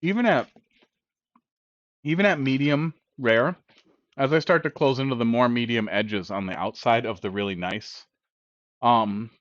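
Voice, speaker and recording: A man's voice: mid-range voice, measured pace, pauses often, a bit bright, dry recording. A man hosting a casual cooking live stream, chatting bluntly and profanely while he eats, heard on dull lo-fi stream audio.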